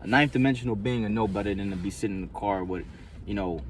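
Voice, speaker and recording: A man's voice: fairly low pitch, fast, noisy background. A man vlogging in a casual, rambling monologue, profane and repetitive, full of loose street slang.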